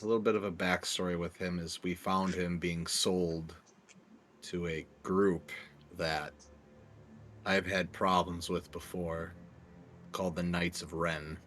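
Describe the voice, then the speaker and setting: A man's voice: low-pitched, flat delivery, a little slow, fairly bright tone, slight background noise. A man playing in a tabletop game, easygoing and joking. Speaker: player. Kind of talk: casual tabletop play.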